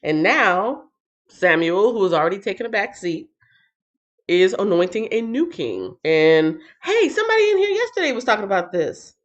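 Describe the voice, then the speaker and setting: A woman's voice: mid-range voice, very animated, moderate pace. A woman from the northern United States hosting a live stream, chatting casually with viewers and reading the Bible aloud, laughing often. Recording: slightly dull lo-fi stream audio.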